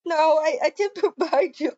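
A woman's voice: sits high, moderate pace, darkish tone, highs cut off. A woman improvising a game role-play, gushing and giddy, with many ums and hesitations.

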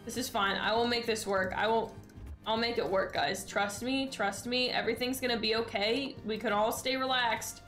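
A woman chats casually while live-streaming a game, sounding exasperated and sarcastic and swearing freely. Her voice is a little high and a bit bright, with fairly even intonation and a moderate pace, and faint music plays behind her.

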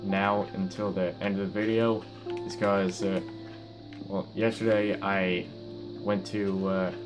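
With guitar music running underneath, a teenage boy of sixteen who makes gaming videos on YouTube talks through his gameplay in a loose, halting way, full of fillers and false starts, his mouth aching after wisdom tooth removal. He speaks low and slowly in a level tone.

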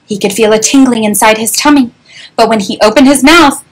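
A woman reads a children's picture book aloud, lively and full of exclamations. Her voice sits a little high, with a faint hiss in the background. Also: brisk, low-quality recording. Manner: animated, exclamatory. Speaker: children's story reader.

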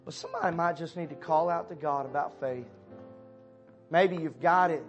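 A pastor with a voice high for a man preaches a sermon in church at a moderate pace, swinging widely between loud, pressing appeals and near-whispers. He speaks directly to people in the pews, calling them brother and sister, while soft music hums faintly beneath the dull-sounding audio.

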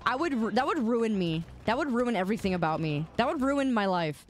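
A woman's voice: a little high, sing-song, brisk, few pauses, slight background noise. A woman streaming a game and chatting casually with her viewers, playful and teasing, repeating words in sing-song bursts. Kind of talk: casual chat with viewers while gaming.

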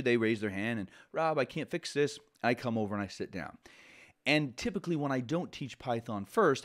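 Man giving a casual coding lesson. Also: mid-range voice. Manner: conversational, self-correcting, with frequent asides. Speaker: programming instructor. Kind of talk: casual lecture.

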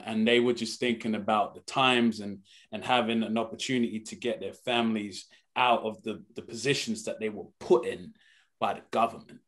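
A young man, a guest on a radio morning show, talking earnestly and animatedly, often saying "man". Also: fairly low pitch. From United Kingdom. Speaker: actor guest. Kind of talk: casual radio interview. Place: radio studio.

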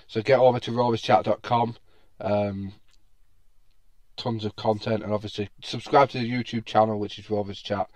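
A man's voice: fairly low pitch, flat delivery, moderate pace, darkish tone, no room sound. A man hosting a casual football podcast, chatty, laughing often and full of fillers. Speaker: podcast host.

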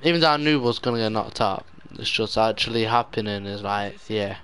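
A man's voice: on the low side, a little fast, fairly bright tone, clear, resonant tone. A young man giving live gameplay commentary, despairing and muttering with sudden outbursts. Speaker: gaming YouTuber.

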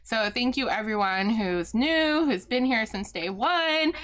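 A woman's voice: a little high, animated, a little slow, fairly bright tone. A young adult woman streaming a game live, giggly and effusive as she thanks her chat.

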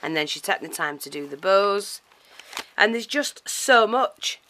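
A craft vlogger talks casually to the camera while unboxing a parcel, gushing and slightly breathless. Her voice is medium-pitched and a little slow, with some faint background noise. She's excitable and chatty, full of filler words and effusive thanks.

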